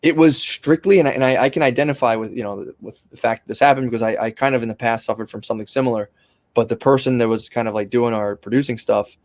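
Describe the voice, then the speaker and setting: A young man talks quickly on a podcast, circling his points with restarts and casual swearing. His voice sits in a middle register and is recorded close and dry, with no room sound. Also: medium pitch, dry recording. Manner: rambling, frequent restarts and fillers, swears casually. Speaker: podcast host.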